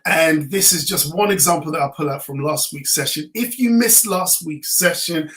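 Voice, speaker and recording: A man teaching a live online class, sounding a little tired. He explains step by step in a relaxed way. He often stops with ums and starts his sentences over. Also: on the high side, moderate pace, low-quality recording. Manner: relaxed, explanatory, many fillers and restarts. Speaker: trading course instructor.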